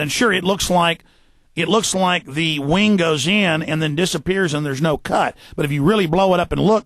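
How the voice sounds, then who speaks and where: A man hosting a radio talk show, ranting fast and forcefully, tripping over repeated words. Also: a little high, no echo. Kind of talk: heated radio monologue. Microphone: studio microphone.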